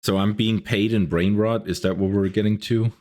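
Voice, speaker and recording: A man's voice: fairly low pitch, fairly even intonation, normal speed, darkish tone. A man chatting casually on a live stream, teasing in a dry, wry way.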